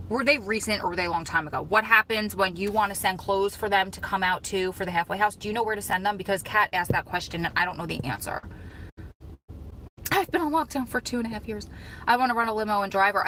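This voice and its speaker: The host of this casual live stream chats from a parked car in a store parking lot, reacting to viewer comments on her phone. She has a bright, mid-range voice with a forceful tone. The recording is rough, with slight background noise.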